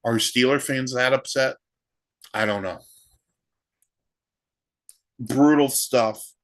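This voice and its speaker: A man's voice: mid-range voice, normal speed, sharp tone. A man hosting a solo sports podcast, ranting and firing off rhetorical questions. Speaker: podcast host.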